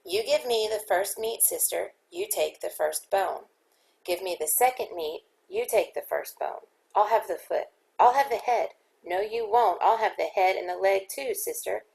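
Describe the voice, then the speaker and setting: A woman's voice: mid-range voice, expressive, moderate pace, gravelly, darkish tone, rough recording. A woman reader voicing a pair of greedy, squabbling cannibal ghost sisters who shriek at each other. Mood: greedy glee.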